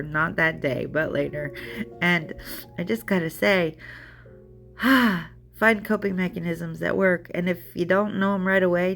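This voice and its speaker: A woman's voice: lowish voice, gravelly. A woman giving an earnest, emotional personal testimony about overcoming fear. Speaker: storyteller sharing her recovery.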